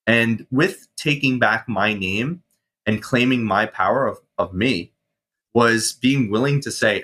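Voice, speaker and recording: Forceful low-voiced man telling his story. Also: slightly rough. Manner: animated, swearing, reenacts his own shouting. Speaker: guest, mindset coach and firefighter. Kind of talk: casual storytelling interview.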